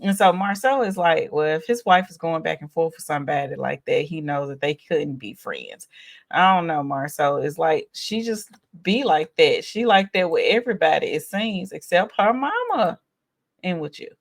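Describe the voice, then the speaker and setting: A woman's voice: sits low, big pitch swings, normal speed, gravelly. Chatty woman recapping a show. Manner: chatty and exasperated, with sighs and laughs. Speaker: reality show recap host. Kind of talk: casual recap commentary.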